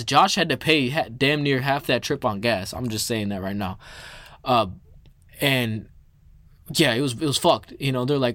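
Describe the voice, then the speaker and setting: Speaking to the camera, a young guy from Minnesota spins a laid-back, animated yarn full of filler words and open swearing. He has a medium-pitched voice at a normal speed, with no echo.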